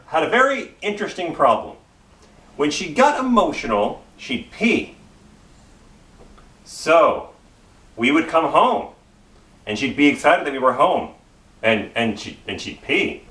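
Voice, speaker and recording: A man's voice: on the high side, fairly bright tone, far from the mic. A middle-aged man with a Canadian accent, preaching a casual sermon full of self-deprecating personal stories. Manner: self-deprecating, storytelling, repeats phrases. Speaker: pastor. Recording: roomy church sound from off-mic.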